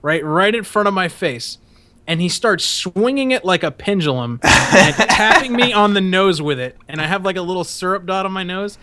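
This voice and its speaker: A young man tells a story on a podcast in a loose, profane way. His voice sits a touch high. He laughs often and barks out shouted quotes as he goes. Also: expressive, normal speed. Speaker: podcast host. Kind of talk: casual storytelling.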